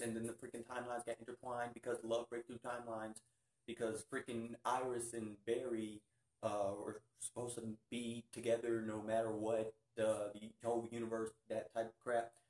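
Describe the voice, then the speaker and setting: Man vlogger, excitable casual reviewer, mid pitch, recorded with roomy echo. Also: normal speed. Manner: excitable, keeps saying "freaking". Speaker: YouTube reviewer.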